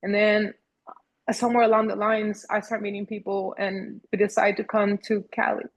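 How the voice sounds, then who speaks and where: A woman in her thirties recounts hard personal experiences as a podcast guest. Her voice is husky and her speech halting, with frequent restarts as she searches for words. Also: mid-range voice, little pitch movement, muffled recording. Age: 30s. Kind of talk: emotional personal storytelling.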